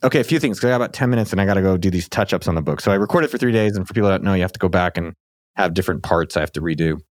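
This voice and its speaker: A man hosting a podcast, chatting quickly and animatedly with a self-deprecating streak. His voice sits on the low side and the sound is dry and close. He rattles through his thoughts at a fast clip. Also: dry recording. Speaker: podcast host and author. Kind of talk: casual conversation.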